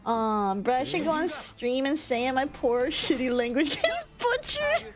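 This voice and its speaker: A woman's voice: high voice, big pitch swings, normal speed, over music. A woman streamer chatting casually over gameplay. She swears freely, laughs often and reads chat aloud.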